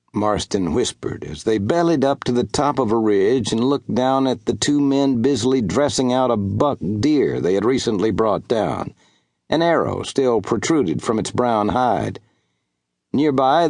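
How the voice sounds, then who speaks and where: A man narrating a western audiobook in a measured, expressive storytelling voice. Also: medium pitch, dry recording.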